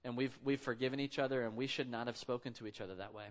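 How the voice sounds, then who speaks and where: This pastor, a man in his thirties, preaches very fast in a mid-range voice with fairly even intonation. His sermon unfolds as conversational storytelling, and he acts out quotes.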